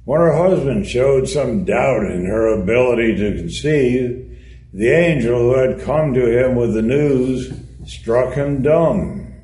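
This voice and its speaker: Male reader for a sermon, slow and measured, wry delivery, roomy sound. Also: mid-range voice, dark tone. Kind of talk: read-aloud sermon. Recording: echoey room.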